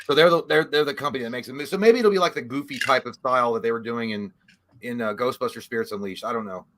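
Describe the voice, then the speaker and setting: A man's voice: mid-range voice, quick pace, slight background noise. A man co-hosting a casual live movie chat, often restarting sentences and swearing. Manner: stammering restarts, swearing, bursts into shouted impressions. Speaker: podcast co-host.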